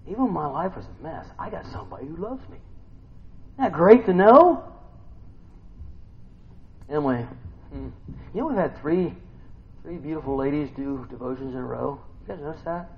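A man giving an informal sermon to a small group. He keeps asking the listeners questions and swings between soft murmurs and loud bursts. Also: a little high, big pitch swings, normal speed, long pauses. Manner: conversational, asks the listeners many questions. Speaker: preacher. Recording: slightly dull recording with faint noise.

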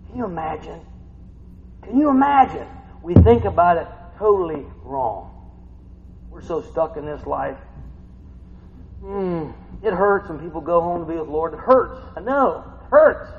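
Older guy preaching, high lively voice that jumps from quiet to shouting, dull sound, big reverby hall. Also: normal speed. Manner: animated, swings from quiet to shouting. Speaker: pastor. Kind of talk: sermon.

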